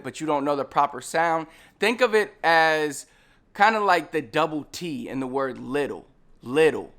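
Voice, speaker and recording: Casual teacher: a man, slightly higher voice, patiently repeats practice sounds. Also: fairly bright tone. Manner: repeats drill sounds slowly, coaching the viewer. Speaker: language teacher. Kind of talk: casual spoken lesson.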